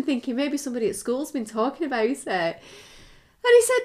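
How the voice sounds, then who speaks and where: A woman's voice: sits high, big pitch swings, a little fast, darkish tone. A middle-aged woman co-hosting a podcast, telling a story with animation and laughing often. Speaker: podcast co-host. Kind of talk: casual chat.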